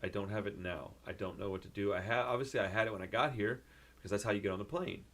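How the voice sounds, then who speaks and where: A young man telling a rambling, excitable story in a casual vlog, full of fillers and restarts. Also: fairly low pitch, fast. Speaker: vlogger.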